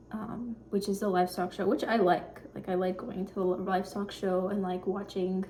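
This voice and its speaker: A young woman in her twenties chatting quietly and shyly while cooking in her home kitchen, rambling with lots of fillers. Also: mid-range voice, level tone, normal speed, hardly any pauses, a little hiss or hum. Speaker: vlogger. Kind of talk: casual cooking vlog chat.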